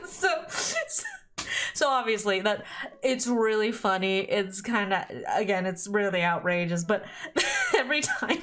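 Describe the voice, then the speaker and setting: Young female streamer, rambling and giggly, animated sing-song delivery. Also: takes it slowly, pauses often, soft background music. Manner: giggly, rambling, often breaks into high laughter. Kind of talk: let's play commentary, reading game dialogue aloud.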